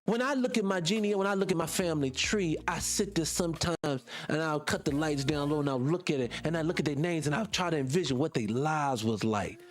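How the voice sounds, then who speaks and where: A man's voice: a little high, a little fast, few pauses, soft background music. A man hosting a casual commentary monologue, talking emphatically and firing rhetorical questions straight at his viewers. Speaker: channel host.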